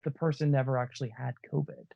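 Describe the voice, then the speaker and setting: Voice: medium pitch, fairly even intonation, quick pace, vocal fry, warm tone, breathy edge, dry recording, lo-fi sound. Rambling enthusiastic podcast co-host. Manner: rambling, enthusiastic, many restarts. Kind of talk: casual chat.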